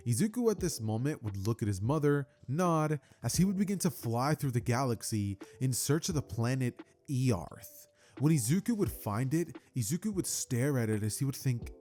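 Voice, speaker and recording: A man's voice: medium pitch, mellow. A man hosting his channel, telling a what-if fan story in a casual, rambling way full of fillers. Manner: chatty, many fillers like "like" and "kinda".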